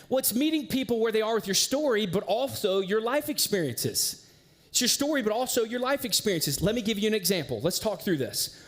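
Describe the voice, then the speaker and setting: A man preaching a sermon as pastor, in a casual, conversational way with slang and lively storytelling. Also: high voice. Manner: animated storyteller.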